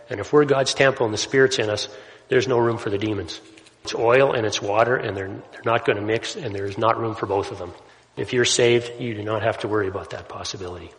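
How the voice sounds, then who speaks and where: A man's voice: on the low side, fairly bright tone. A man preaching a sermon in a conversational way, often checking in with "right?" asides as he explains scripture. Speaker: pastor. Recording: long hall reverb.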